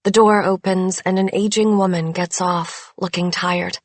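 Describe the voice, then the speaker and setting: A woman narrating a thriller audiobook in a measured, suspenseful way, close to a studio mic. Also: on the low side, fairly even intonation, dry recording. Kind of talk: scripted narration.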